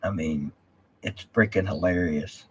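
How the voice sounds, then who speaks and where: A man with a drawl hosts a casual live stream, chatting loosely and answering viewer comments as he goes. His voice sits on the low side and carries a husky, slightly breathy edge. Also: measured pace, darkish tone. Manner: rambling, drawling, reads viewer comments aloud. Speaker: live stream host reading chat.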